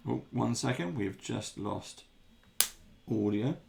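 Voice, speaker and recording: A man's voice: mid-range voice, lively intonation, takes it slowly, creaky, darkish tone, slight background noise. A man who is a player in a tabletop game, talking casually in offhand, mumbled asides. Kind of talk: casual chat.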